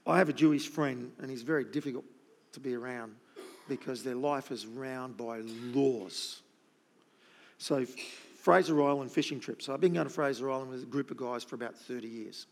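A man's voice: mid-range voice, moderate pace, gravelly. A middle-aged man preaching a sermon, emphatic and repeating his key points. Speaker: pastor.

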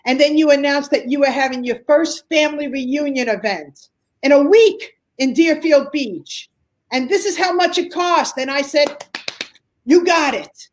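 An older woman giving an emotional personal testimony as an interview guest, acting out the lines she quotes with big jumps in pitch. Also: moderate pace, poor audio. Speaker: guest telling her story.

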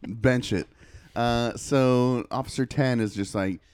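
A man's voice: medium pitch, slow, a little mellow, clear, resonant tone, no echo. A man co-hosting a podcast, swearing freely and acting out other people's lines as he tells a story. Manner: profane, storytelling, acts out quotes. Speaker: podcast co-host. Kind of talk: casual chat.

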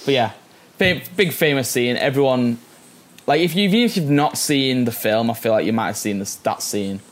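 A man's voice: medium pitch, expressive, moderate pace. A man co-hosting a podcast, casually recapping a film, rambling through restarts and fillers as he hunts for words, swearing and laughing as he goes. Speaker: podcast co-host.

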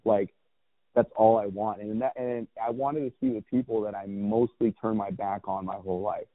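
A man's voice: fairly low pitch, steady tone, moderate pace, dry recording. A man in his thirties telling a personal story as a guest, candid and rambling, with lots of restarts and swearing. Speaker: guest, clothing brand founder. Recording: tinny phone-like dry sound.

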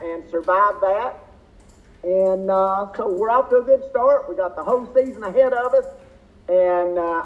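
A man, a drag racer, telling racing stories in a folksy, rambling way as an interview guest. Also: high voice. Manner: folksy, drawn-out storytelling with fillers. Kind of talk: casual storytelling interview. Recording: tinny phone-like line.

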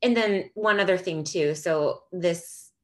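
A woman in casual chat, telling stories in a loose, animated way, laughing often and swearing freely. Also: lowish voice, takes it slowly.

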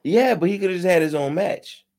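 A man's voice: high voice, brisk, darkish tone. A man co-hosting a casual wrestling podcast, talking bluntly with slang and profanity. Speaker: podcast co-host.

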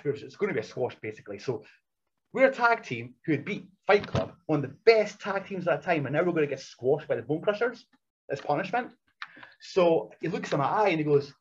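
A man with a slightly raised pitch tells profane, animated stories in a casual way. The recording is dull and lo-fi, with a faint hiss running underneath. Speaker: former wrestler. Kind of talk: casual storytelling. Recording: dull lo-fi sound with faint noise.

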